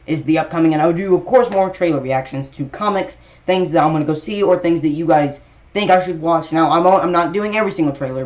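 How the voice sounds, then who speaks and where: A man's voice: on the high side, a little mellow, muffled recording. A young man casually breaking down a movie trailer for his video channel, rambling with lots of fillers and restarts. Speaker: YouTube trailer reviewer.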